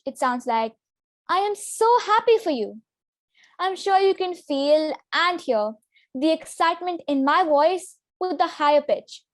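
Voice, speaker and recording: A young woman presenting a public speaking lesson in a clear, instructive way. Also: high-pitched, dry recording, clean studio sound. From Singapore. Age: teenager. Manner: clear, instructive delivery with demonstration sentences. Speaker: student workshop presenter.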